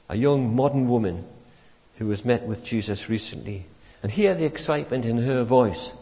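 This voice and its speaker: Preacher in an echoing church. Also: male voice, on the low side. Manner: animated storytelling, acts out quotes, chuckles warmly. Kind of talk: sermon. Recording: church hall with long reverb.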